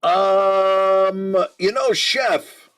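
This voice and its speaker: A man's voice: high-pitched, very slow, fairly bright tone, clear, resonant tone. An American man hosting a livestream, chatting casually and jokingly with his viewers and calling them by name. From United States. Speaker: livestream host.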